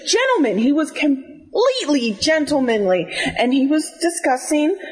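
A woman guest on a casual podcast, telling stories in a candid, animated way. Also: high voice, normal speed, rough recording. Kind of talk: casual chat.

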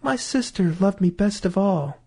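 A man's voice: high voice, animated, a little slow, creaky, a little mellow, breathy edge, pitched above the performer's own voice, full character voice. A man chanting as an eerie magic songbird. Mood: eerie singsong. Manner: lilting sung chant. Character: magic singing bird, a murdered boy reborn.

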